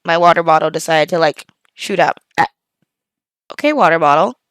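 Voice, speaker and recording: A woman's voice: low voice, animated, normal speed, fairly bright tone, clear, resonant tone, no echo, studio quality. A young woman streaming a game playthrough, reacting and commenting while keeping her voice down late at night. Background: faint game music.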